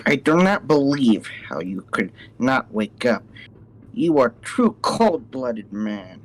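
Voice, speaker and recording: A man's voice: mid-range voice, sing-song, slow, poor audio. A man voicing a stern male ship officer in a mock Russian accent, nasal and accusing, in broken English. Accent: mock Russian, nasal like a cartoon squid. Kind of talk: fan voice-over of a game scene.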